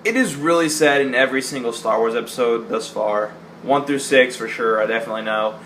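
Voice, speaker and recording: A man's voice: mid-range voice, fairly quick, fairly bright tone, a little hiss or hum. A young man casually counting down favorite movie lines, joking, swearing, and putting on voices for the quotes. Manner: profane, jokey, quotes lines in goofy voices. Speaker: vlogger. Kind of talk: casual movie-list vlog.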